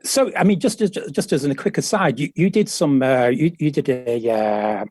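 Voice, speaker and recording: A man's voice: medium pitch, normal speed, darkish tone, slightly rough, no room sound, clean studio sound. A man with a northern English accent, a podcast guest talking casually and thoughtfully, with some stammered restarts. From northern England. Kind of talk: casual interview talk.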